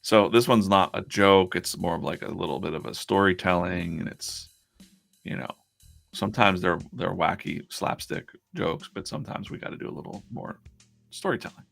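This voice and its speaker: Deep, gravelly-voiced man chatting on a stream. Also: normal speed, fairly bright tone, faint music behind. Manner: rambling, chatty, with many restarts. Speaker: comic artist and stream host. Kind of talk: casual live-stream chat.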